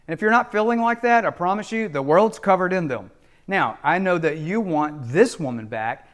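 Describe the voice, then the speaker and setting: A man's voice: high voice, animated, normal speed. A middle-aged man giving relationship coaching straight to camera, in an emphatic, repetitive, preacherly manner. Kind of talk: direct-to-camera advice talk.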